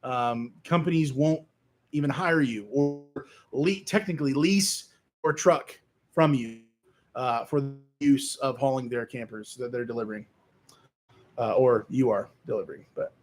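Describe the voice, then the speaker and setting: A man hosting a casual livestream, reading viewer comments aloud and answering them in a relaxed, rambling way with plenty of fillers and restarts. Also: mid-range voice, normal speed. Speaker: livestream host answering chat. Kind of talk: casual live chat.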